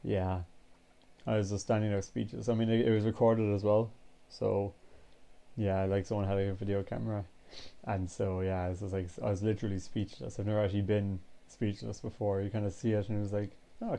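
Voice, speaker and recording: A man's voice: lowish voice, gravelly, warm tone. A man in his twenties chatting casually in a home vlog, rambling through a story with lots of fillers, his throat a bit tired. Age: 20s. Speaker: vlogger. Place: home bedroom.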